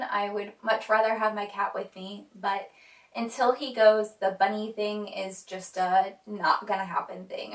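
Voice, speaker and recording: A woman's voice: mid-range voice, a bit bright. A young woman vlogger talking casually and earnestly, with frequent fillers. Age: young adult. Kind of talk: casual chat. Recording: roomy sound from a distant mic.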